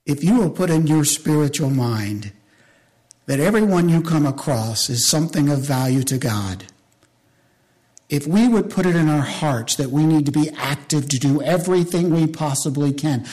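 A man preaching a sermon to his church, impassioned, rising to loud appeals and dropping to hushed storytelling, with folksy asides to the congregation. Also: a little high, animated, normal speed.

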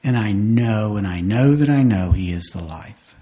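This pastor, in his fifties, has a fairly low, expressive voice and speaks at a moderate pace. His sermon centers on a personal story told with strong emotion, moving from loud outbursts to quiet, intimate passages.

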